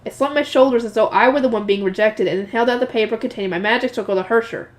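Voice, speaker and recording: Woman, fairly high voice, casual reading of a novel, corrects slips. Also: fast. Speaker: reader.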